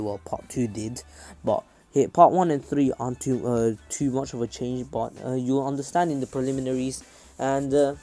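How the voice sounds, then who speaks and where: A young man telling a fan story off the cuff, full of fillers and restarts. His voice is mellow and warm at a middle pitch, and his delivery wanders loosely. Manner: rambling, many fillers and restarts. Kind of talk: casual fan-fiction storytelling.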